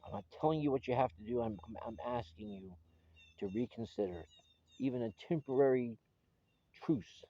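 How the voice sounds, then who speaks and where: A man's voice: medium pitch, lively intonation, moderate pace, warm tone, muffled recording. A man recording a personal video message to his estranged wife, earnest and pleading, often restarting his sentences.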